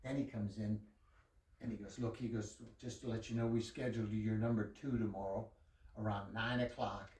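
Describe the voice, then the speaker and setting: A man telling a profane, animated story full of quoted dialogue in a casual chat with a friend. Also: fairly low pitch, normal speed, roomy sound, recorded from a distance, rough recording. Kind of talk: casual anecdote told to a friend.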